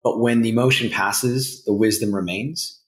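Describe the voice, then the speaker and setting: A man's voice: fairly low pitch, fairly even intonation, normal speed. A man hosting an interview podcast, talking in a loose, reflective way. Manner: loose, many fillers and restarts, reflective. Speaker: podcast host. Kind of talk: interview conversation. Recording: roomy echo.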